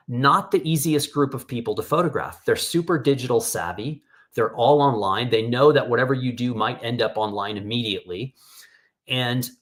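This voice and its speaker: A man's voice: mid-range voice, a bit bright. A middle-aged man hosting an online photography workshop over a video call, casually telling stories and acting out the people in them. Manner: casual storytelling, acts out quoted voices. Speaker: workshop host.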